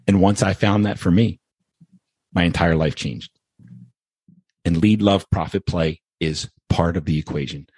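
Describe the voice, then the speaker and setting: A man's voice: low voice, unhurried, long pauses, a little mellow, slightly rough, dry recording. A man hosting a podcast, talking earnestly and emotionally, repeating phrases as he thanks his listeners. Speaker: podcast host. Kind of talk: heartfelt podcast monologue.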